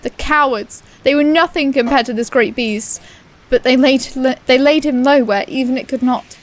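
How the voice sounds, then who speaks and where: A woman's voice: high-pitched, moderate pace, close to an everyday voice. A woman voicing a young woman mourning her slain brother in a proud, bitter lament. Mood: grieving.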